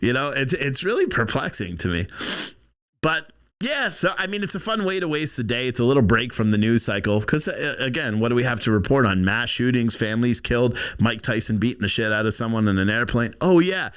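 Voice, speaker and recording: Animated, rambling male podcast host. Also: medium pitch, a little fast, clear, resonant tone. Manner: rambling, swearing, animated with laughs. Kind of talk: casual live-stream commentary.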